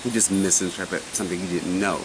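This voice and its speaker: A man in his forties telling a personal story in casual chat, animated and often asking his listener questions. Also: low-pitched, fast talker. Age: 40s. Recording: noisy recording.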